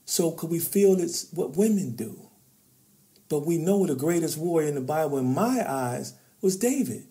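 A middle-aged man speaks as a podcast guest in a warm, mellow voice. He talks like a preacher, calling the host brother and building to emphatic peaks. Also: on the high side, normal speed. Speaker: author and men's trainer, guest. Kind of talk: podcast interview.

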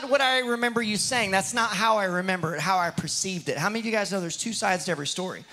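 A man's voice: sits high, fast, heavy background noise. A man pastor bantering during a sermon with dry, teasing interjections. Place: church service.

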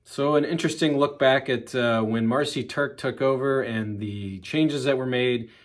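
A man's voice: medium pitch, moderate pace. Laid-back male interview host. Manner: laid-back, filler-heavy. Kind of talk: casual interview and sign-off.

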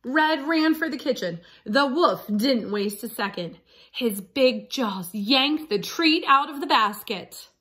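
A woman reading a picture book aloud to children in a slow, animated storytelling voice. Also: high voice. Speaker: storybook reader.

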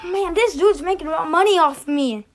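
High-pitched, stammering, foul-mouthed reaction host. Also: brisk, very noisy. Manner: stammering, swearing, exasperated. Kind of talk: casual reaction commentary.

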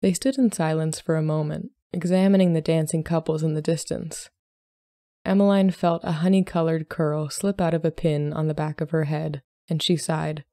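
A woman podcast host narrating a short story in a calm, measured way. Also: low-pitched, no echo, clean studio sound. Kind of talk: scripted narration.

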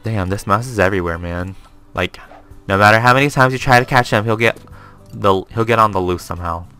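A man's voice: lowish voice, brisk, bright, forceful tone, clear, resonant tone, soft background music. A man hosting a casual let's-play, rambling and joking to himself as he plays. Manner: rambling and self-amused, chats to himself. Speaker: gaming channel host.

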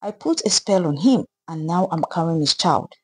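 A woman's voice: fairly low pitch, lively intonation, normal speed, breathy edge, no room sound. A woman voicing a bitter, vengeful aunt who speaks in a hard, unrelenting way. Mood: cold.

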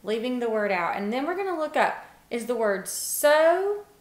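Young woman teacher, fairly high voice, unhurried encouraging phonics lesson, roomy echo. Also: very animated. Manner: slow, encouraging, sounds words out with pauses. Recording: echoey room.

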